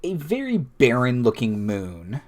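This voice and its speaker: A man running a tabletop session as game master, describing the scene at an unhurried, slow pace. His delivery is halting, with frequent fillers and self-corrections. His pitch sits in an ordinary middle range. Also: wildly swooping pitch, darkish tone. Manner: halting, full of fillers and restarts.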